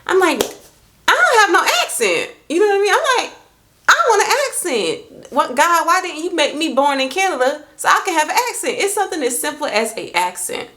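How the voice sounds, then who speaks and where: A young woman talking straight to her camera at home in a casual, heartfelt vlog. She is lively and expressive, and her voice leaps up when she acts out her own reactions. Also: vocal fry. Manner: lively, expressive, jumps up in pitch when quoting herself. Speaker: faith and self-love vlogger.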